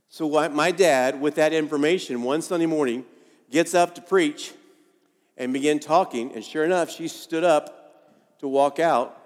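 A pastor with a mid-range, unhurried voice preaches a sermon in a large hall. He tells a story and acts out the voices of the people in it.

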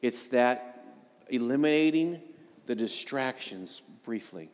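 A man's voice: medium pitch, lively intonation, slow, darkish tone, long reverb tail. A male pastor preaching a sermon in a conversational way, with jokes and rising emphasis.

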